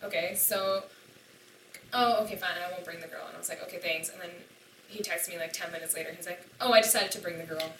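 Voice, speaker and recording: A low-pitched young woman with a bright, forceful edge tells her story casually and swears freely as she acts out what everyone said. She is recorded from some distance in an echoey room. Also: steady tone, fast talker, slight background noise. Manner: candid and profane, acting out quoted dialogue. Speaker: podcast guest.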